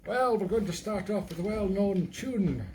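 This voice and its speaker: A man's voice: high voice, moderate pace, darkish tone, slight background noise. A Scottish man doing a hammy comic impression of a singer, chatting in self-mocking showman banter between songs. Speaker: comic entertainer.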